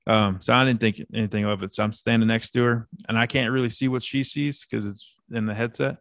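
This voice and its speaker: Gravelly-voiced man telling a funny story. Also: medium pitch, fairly quick, no room sound, clean studio sound. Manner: animated storyteller, swears casually. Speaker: podcast co-host. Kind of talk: casual podcast banter.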